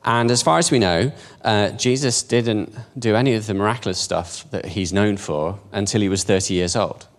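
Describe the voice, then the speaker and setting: Low-voiced man in his fifties, chatty church talk. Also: normal speed, hardly any pauses. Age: 50s. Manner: conversational and self-deprecating, asks the audience questions. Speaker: church speaker. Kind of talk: informal church talk to a congregation.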